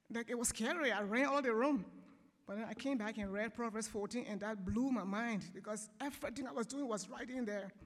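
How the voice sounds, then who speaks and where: A woman giving a personal testimony in church, emotional, pausing and apologizing as she speaks. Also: fairly high pitch, in a large hall. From Africa.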